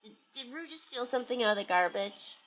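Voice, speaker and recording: Chatty woman with a lively voice. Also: on the high side, quick pace, lo-fi sound, slight background noise. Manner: chatty, talks to her birds and reads viewer comments. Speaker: parrot channel host. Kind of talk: casual livestream chat with birds and viewers. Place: home with pet parrots.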